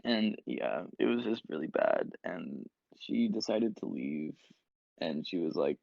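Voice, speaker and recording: A man's voice: low-pitched, lively intonation, unhurried, vocal fry, darkish tone, dry recording. A young man and podcast co-host telling a long casual story, full of filler words and acted-out quotes. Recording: dull lo-fi podcast mic.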